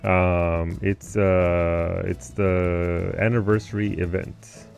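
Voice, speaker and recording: A man's voice: deep voice, flat delivery, slow, vocal fry, darkish tone, faint music behind. A man live-streaming who chats casually with his viewers, laid-back, greeting people by name and swearing now and then. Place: home basement.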